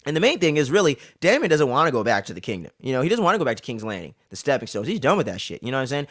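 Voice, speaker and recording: A man's voice: medium pitch, very fast, few pauses, no room sound, studio quality. A young man hosting a casual TV recap, talking in loose, profane slang. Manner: slangy and profane, animated retelling. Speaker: recap show host.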